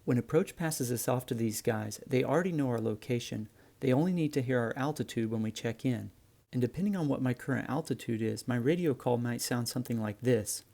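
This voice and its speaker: Brief: a male flight instructor with a warm, gravelly voice, explaining in an easygoing way. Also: medium pitch, brisk. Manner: relaxed, friendly explaining, addresses viewers as guys. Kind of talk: instructional narration.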